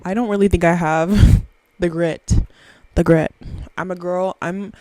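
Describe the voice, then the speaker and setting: A woman's voice: lowish voice, fairly even intonation, unhurried, warm tone, no echo, low-quality recording. Rambling woman in her twenties. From Southern US. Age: 20s. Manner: rambling, profane, self-mocking. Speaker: podcast host. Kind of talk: casual solo podcast chat. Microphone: very close to the microphone.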